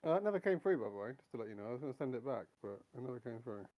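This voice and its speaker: A man's voice: mid-range voice, sing-song, very fast, lo-fi sound. A man chatting as a sim racing teammate, rambling and blunt, swearing freely. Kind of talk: casual chat.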